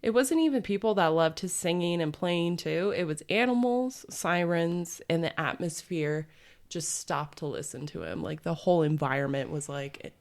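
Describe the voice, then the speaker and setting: In a lowish voice at normal speed, this podcast co-host chats her way through a myth, leaning heavily on fillers and laughing often.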